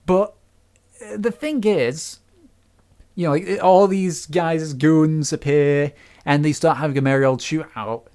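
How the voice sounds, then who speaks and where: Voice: medium pitch, darkish tone. A speaker giving a casual, unscripted film review, rambling and griping with many restarts along the way.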